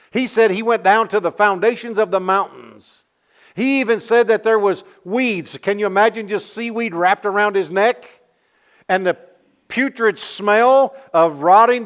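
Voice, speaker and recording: High-voiced man preaching a folksy sermon. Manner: folksy storytelling with rhetorical questions to the congregation. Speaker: pastor.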